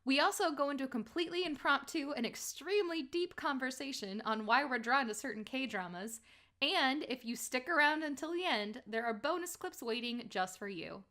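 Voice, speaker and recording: Bright high-voiced woman podcast host. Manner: upbeat, quick to laugh. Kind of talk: scripted intro then casual chat. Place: home.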